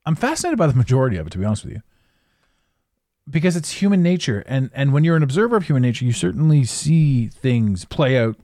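A man's voice: medium pitch, a little mellow, no echo, clean studio sound. A man hosting a podcast, talking in a blunt, profane, emphatic monologue and laughing often. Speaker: podcast host. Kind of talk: casual ranting monologue.

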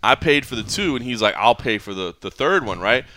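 A man hosting a casual podcast, telling animated stories and acting out what others said. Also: medium pitch, a little fast. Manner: animated storyteller, acts out others' lines. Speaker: podcast host.

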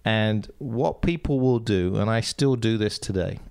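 A man's voice: on the low side, a little slow, creaky, darkish tone, clear, resonant tone. A man from England with an English accent, co-hosting a podcast in casual, cheerful chat. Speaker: podcast co-host.

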